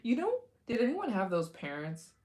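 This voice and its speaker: A young woman talks casually to her livestream viewers. She rambles and restarts her sentences, filling the gaps with fillers. Her pitch sits in a middle range for a woman. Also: wildly swooping pitch, moderate pace, a little mellow. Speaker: livestream host.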